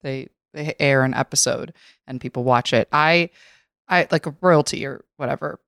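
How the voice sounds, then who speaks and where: A woman's voice: extremely low pitch, moderate pace, fairly bright tone, no room sound, clean studio sound. A woman co-hosting a podcast, chatting in a self-deprecating, rambling way. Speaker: podcast co-host. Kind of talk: casual chat.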